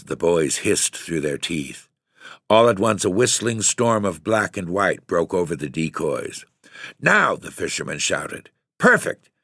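A man reads a literary story aloud at a measured pace. His voice sits very low and steady. The recording is dry and close, with no room sound at all. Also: no echo. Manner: measured, lifting into character voices for dialogue. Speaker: narrator.

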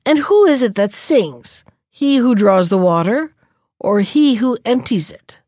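A woman's voice: on the high side, lively intonation, unhurried, darkish tone, dry recording, clean studio sound. A woman voicing a sly, greedy male jackal in a storybook, smug and wheedling.

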